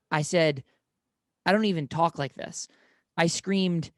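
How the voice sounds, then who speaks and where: Young man with a fairly high, rambling voice. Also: unhurried, long pauses, no room sound, clean studio sound. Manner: rambling storyteller, many self-corrections. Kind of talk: casual conversation.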